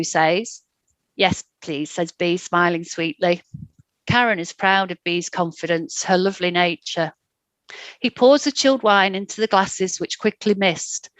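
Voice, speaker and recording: A woman reading her own short story aloud in a calm, measured way. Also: lowish voice, no room sound.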